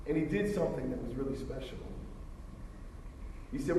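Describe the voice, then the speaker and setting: A motivational speaker telling personal stories at a school assembly, with emphatic delivery that drops to a hush. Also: male voice, medium pitch, brisk, slight background noise. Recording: roomy reverb, distant from the mic.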